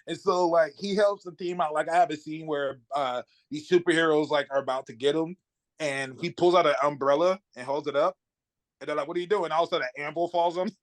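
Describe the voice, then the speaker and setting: A man, a guest comic writer, chatting casually on a podcast and telling animated stories, laughing often. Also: on the high side, brisk.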